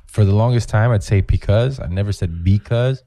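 A man in his forties with a lowish voice, talking quickly, guests on a casual podcast as a comedian. He tells rambling, profane stories with a lot of animation.

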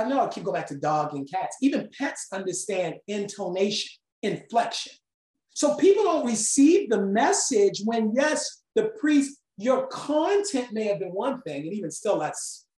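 A woman instructor teaching a live communication class, telling stories with lively acted-out quotes. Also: on the low side, reverberant, rough recording.

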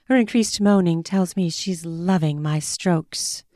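A woman author reading her own first-person erotic story in a slow, intimate, deliberate way. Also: lowish voice, warm tone, dry recording, clean studio sound.

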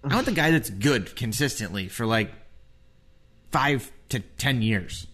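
A man's voice: mid-range voice, expressive, unhurried, a bit bright. A man co-hosting a casual sports podcast, wry and rambling, with many restarts. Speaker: podcast co-host.

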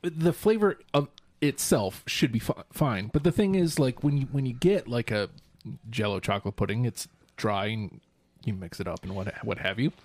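A man's voice: medium pitch, moderate pace, darkish tone, no echo. A man co-hosting a podcast in casual chat, thoughtful and hedging as he explains at length. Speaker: podcast co-host.

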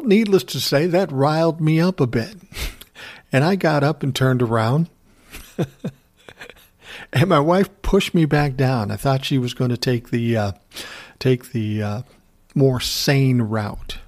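A man's voice: mid-range voice, unhurried, pauses often. A middle-aged man from Minnesota, ranting casually about sports rivals, blunt and profane with frequent chuckles.

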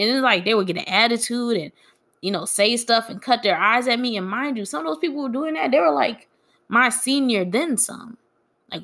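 Bright-voiced grieving woman venting. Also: mid-range voice. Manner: candid, frank, quietly aggrieved. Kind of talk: casual personal storytelling.

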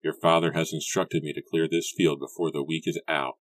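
A man voicing a poor young farmhand in a storybook reading, soft-spoken with a wry, bitter edge. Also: a bass voice, level tone, a little fast, dry recording.

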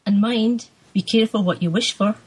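Husky scottish woman full of old folk lore, homely and scolding, read out by a woman. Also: mid-range voice, moderate pace, lightly acted, rough recording. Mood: knowing. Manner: homely, scolding, sure of fate.

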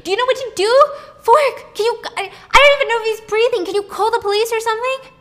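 A woman voicing a flustered, sharp-tongued young waitress who snaps at a customer and panics in a crisis, in a told story. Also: very animated, full character voice. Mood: panicked. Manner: shrill, rapid, panicky outbursts.

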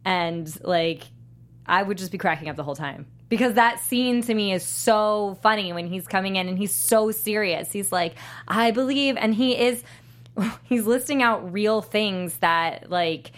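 A woman co-hosting a podcast in casual chat, animated and full of fillers, often laughing as she talks. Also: medium pitch, a little slow. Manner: animated, filler-heavy, laughing while talking. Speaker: podcast co-host.

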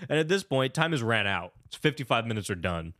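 A man's voice: mid-range voice, brisk, no room sound. Guy ranting through a movie recap, swears a lot, does the characters' lines, dry close mic. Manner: animated, exasperated, acts out characters' lines. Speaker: podcast co-host recapping a film. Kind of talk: casual profane movie recap chat.

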